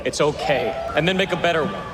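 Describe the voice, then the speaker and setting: A man's voice: fairly high pitch, expressive, fast talker. Earnest man giving a noisy stage speech. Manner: grateful, earnest. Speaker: award acceptance speaker. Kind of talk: award acceptance speech.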